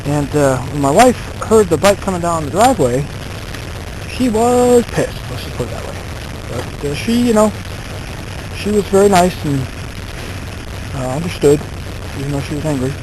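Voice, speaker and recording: A man's voice: fairly high pitch, expressive, normal speed, long pauses, background noise. A man in his thirties telling a rambling story from his own life in a casual vlog, with many fillers and self-deprecating remarks. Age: 30s. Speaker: vlogger.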